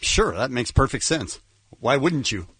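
Animated man radio co-host. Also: mid-range voice, a little slow, husky, no room sound. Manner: dry, sarcastic. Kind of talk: morning radio banter.

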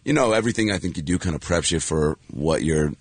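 A man being interviewed as an actor, telling stories in a rambling, animated way with lots of fillers and restarts, acting out what others said. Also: deep voice, quick pace, breathy edge, no room sound. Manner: animated storyteller who acts out quoted voices. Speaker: actor and guest. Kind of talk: casual anecdotal chat.

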